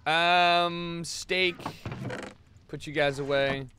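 A man's voice: on the high side, steady tone, very slow, pushed and bright, a little hiss or hum. A man streaming a game live from his apartment, ranting to his chat in a rambling way and swearing freely. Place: home apartment.

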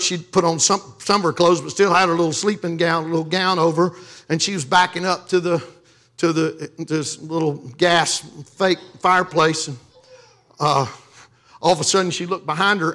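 High, bright-voiced preaching pastor. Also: male voice. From Louisiana, USA. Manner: animated, joking, with call-and-response to the congregation. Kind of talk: sermon.

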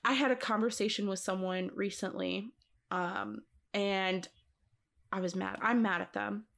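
A woman co-hosting a podcast in casual chat, talking in an expressive, emphatic way and laughing often. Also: mid-range voice, unhurried, gravelly. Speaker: podcast co-host.

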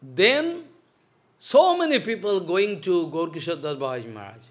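Male preacher, high voice, lively swinging pitch, emphatic repeats. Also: normal speed. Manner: emphatic, repeats phrases, broken English. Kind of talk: sermon.

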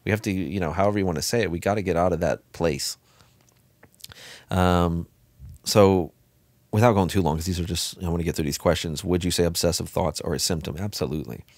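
A man's voice: sits low, a little fast, a little mellow, dry recording. A middle-aged man coaching on withdrawal, talking in a blunt, folksy, rambling way and swearing casually while answering questions. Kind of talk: casual Q&A monologue.

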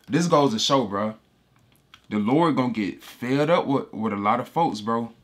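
A man's voice: medium pitch, lively intonation, normal speed. A man giving casual, emphatic scripture commentary, repeating himself and calling listeners bro. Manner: emphatic and repetitive, slangy street talk, addresses listeners as bro. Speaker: Bible teacher.

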